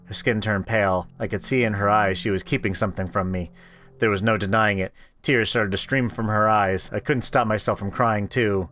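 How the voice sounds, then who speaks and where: A man's voice: lowish voice, normal speed, fairly bright tone, soft background music. A man playing a story game, reading its text aloud and making joking asides. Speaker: gaming streamer. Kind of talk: casual let's-play reading and commentary.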